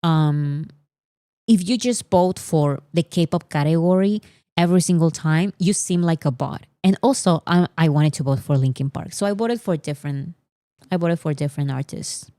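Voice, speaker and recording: A woman's voice: sits low, moderate pace, dark tone, no room sound, clean studio sound. A woman hosting a casual livestream, chatting in an opinionated way with many fillers. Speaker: livestream host.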